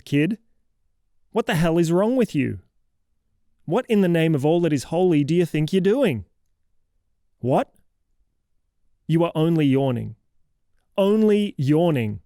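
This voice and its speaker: A cranky, sarcastic crank , played by a man, scolds a kid with theatrical outrage in a comic horror audio story. His voice is warm and dark. The sound is dry and close. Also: on the high side, creaky, dry recording, voice pushed up. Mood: alarmed scolding.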